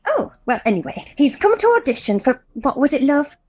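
A woman's voice: high voice, very animated, brisk, darkish tone, dry recording, studio quality. A woman playing a flustered, polite helper running nativity auditions in an audio comedy. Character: fussy woman helping run the auditions.

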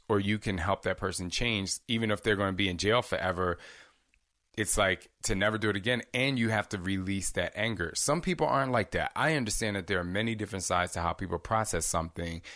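A man's voice: deep voice, a little fast, fairly bright tone, dry recording, clean studio sound. A man hosting a casual question-and-answer vlog, talking candidly and chatty, rambling with asides. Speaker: fitness host answering viewer questions.

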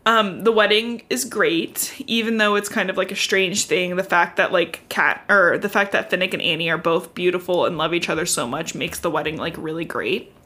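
A woman's voice: on the low side, moderate pace, hardly any pauses, pushed and bright. Chatty young woman recapping a book. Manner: chatty recap filled with "like", laughing often. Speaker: podcast co-host. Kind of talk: casual book-club chat.

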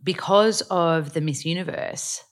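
A woman's voice: fairly low pitch, a little slow. A young woman hosting a podcast, speaking with a slight lisp in a bubbly, enthusiastic and rambling way. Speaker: podcast host. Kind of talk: casual interview chat.

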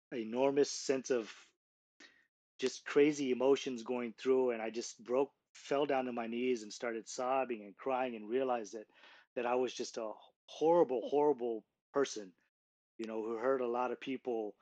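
A middle-aged man recounts his conversion story in an earnest, halting manner, stumbling through restarts and fillers. His voice sits at an ordinary pitch. The recording is dry and somewhat dull and lo-fi. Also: a little mellow, no room sound. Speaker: guest sharing his testimony. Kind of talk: emotional personal testimony, conversational. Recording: slightly dull lo-fi sound.

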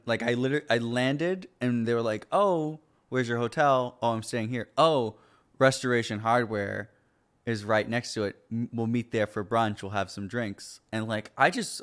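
A man's voice: fairly low pitch, clear, resonant tone. A man hosting a podcast in casual chat, rambling with many fillers and laughing often. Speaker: podcast host.

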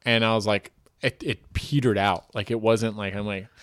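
Rambling self-deprecating comedian, dry sound. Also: male voice, fairly low pitch, fairly even intonation, moderate pace, fairly bright tone, smooth, dry recording. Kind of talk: casual chat.

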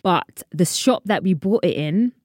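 A woman's voice: on the low side, expressive, a little slow, a little mellow, dry recording, clean studio sound. A woman, hosting her own podcast in a chatty, rambling way and laughing at her own asides. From London, England. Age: 30s. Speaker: podcast host. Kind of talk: casual solo podcast chat.

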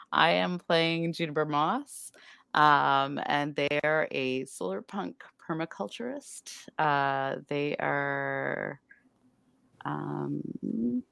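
Female player, deep vocal fry, slow hesitant delivery. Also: fairly bright tone, no room sound. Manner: hesitant, with many ums. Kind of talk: casual chat.

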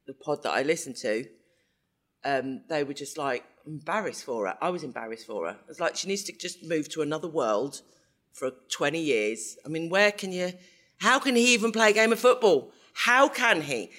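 Guy co-hosting a chat podcast, high voice, swoops around a lot, teasing and emphatic. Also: animated, moderate pace, pushed and bright. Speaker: podcast co-host. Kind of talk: casual chat.

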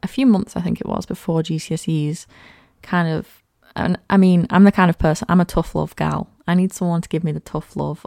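A young woman in her early twenties speaks candidly on her own podcast, reflective and chatty. Her voice sits a little low, with a gravelly fry and a mellow tone. The sound is dry and close. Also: no echo. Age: early 20s. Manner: candid and reflective, chatty with many "like" and "you know" fillers. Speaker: podcast host. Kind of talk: personal podcast monologue.

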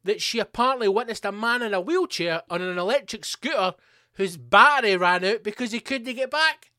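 A man's voice: sits high, expressive, a little fast, bright, forceful tone, no room sound, studio quality. A man with a Glasgow accent hosting a podcast, ranting solo in a sweary, sarcastic, rambling way. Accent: Scottish, Glasgow. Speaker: podcast host.

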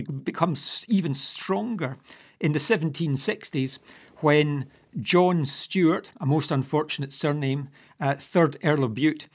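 A man talking as a guest historian, hesitant and full of stammered restarts. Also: on the high side. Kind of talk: conversational discussion.

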